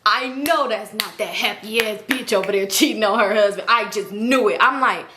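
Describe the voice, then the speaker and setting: A young woman telling a casual storytime vlog story, animated and profane, acting out other people's lines and dropping to near-whispers for her own thoughts. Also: mid-range voice, moderate pace, noisy background. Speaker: storytime vlogger.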